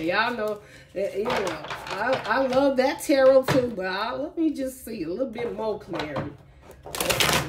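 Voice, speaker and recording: A woman's voice: on the high side, heavy background noise. A woman giving a casual tarot reading, chatty and emphatic, talking straight to her viewers. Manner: emphatic, chatty, emotional, addresses viewers directly. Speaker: tarot reader.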